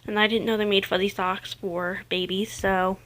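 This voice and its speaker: A woman's voice: medium pitch, level tone, normal speed, a bit bright, poor audio. A young woman vlogging casually from home in a rambling, chatty way, sometimes dropping to a near-whisper. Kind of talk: casual chat. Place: home, indoors. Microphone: camera mic.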